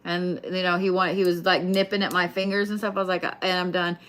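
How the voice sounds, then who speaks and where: A woman's voice: lowish voice, level tone, quick pace, a bit bright. A woman giving a live tarot reading in a casual, chatty way, swearing freely. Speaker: tarot card reader.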